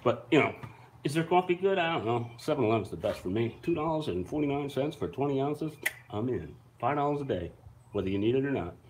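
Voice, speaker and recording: Man, live-show host, casual rambling storyteller, lively pitch, faint room noise. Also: fast talker, echoey room. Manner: rambling, animated storyteller who swears and laughs. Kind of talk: casual live-stream chat, reacting to viewer comments.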